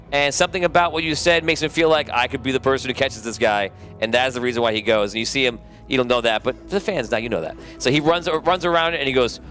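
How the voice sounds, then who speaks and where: A man's voice: medium pitch, a bit bright. A man acting as game master, narrating a tabletop game in a loose, amused way and laughing often.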